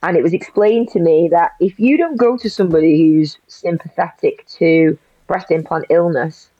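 A woman's voice: on the low side, moderate pace, no echo. Woman telling an emotional story. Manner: emotional, tumbling storytelling with restarts. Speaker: guest. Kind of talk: personal story in an interview. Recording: dull lo-fi audio.

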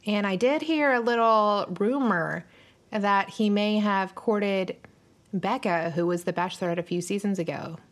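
A woman's voice: medium pitch, unhurried. Chatty woman podcast co-host. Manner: chatty, lots of "like" fillers, recaps reality TV. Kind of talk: casual chat.

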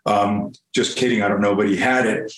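A man's voice: lowish voice, moderate pace. A man telling a story from his youth in a casual interview, swearing freely and acting out what people said. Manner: profane, animated storyteller acting out quotes. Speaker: guest. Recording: roomy echo.

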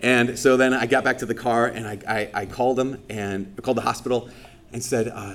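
A man's voice: mid-range voice, steady tone, a little fast, a bit bright. A male Catholic priest preaching a sermon, telling a personal story with self-deprecating humor and acting out the dialogue.

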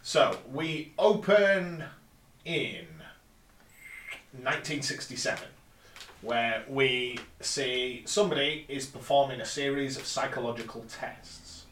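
A man's voice: mid-range voice, expressive, slow pace, a bit bright, slight background noise. Guy walking through a plot recap, sounds a bit far from the mic in an echoey room. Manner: methodical plot recap, dry asides. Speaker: podcast co-host recapping episodes. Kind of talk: casual podcast chat. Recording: roomy, distant mic.

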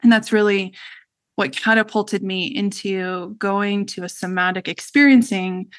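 A woman's voice: mid-range voice, fairly even intonation, measured pace, smooth. A middle-aged woman, a guest in an interview, telling a personal story in an earnest, reflective way, with frequent fillers like "you know" and "like".

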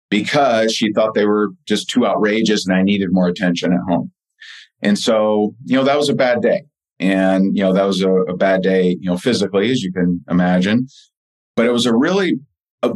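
A man with a fairly low voice, talking as a guest in a relaxed interview. He tells stories in an earnest, conversational way, stopping and restarting his sentences and filling pauses with "um" and "you know.". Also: rough recording. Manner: earnest, with frequent fillers and restarts. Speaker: podcast guest and author. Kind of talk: casual interview storytelling.

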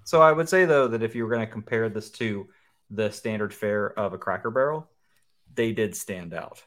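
Man, mid pitch, thinking-aloud reviewer, light chuckles, casual. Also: normal speed, fairly bright tone. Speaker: food reviewer.

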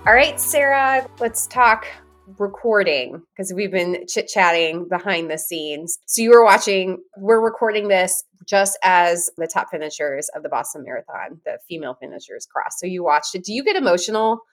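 A woman hosting a running podcast, chatting casually in an animated way and laughing often. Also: fairly low pitch, normal speed, soft background music. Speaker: podcast host. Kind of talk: casual interview chat.

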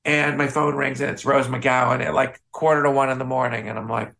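Gravelly, bright-voiced male storyteller. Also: medium pitch, brisk. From Midwest United States. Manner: animated anecdote teller, acts out quoted voices. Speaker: guest, photographer and author. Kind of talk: casual storytelling interview.

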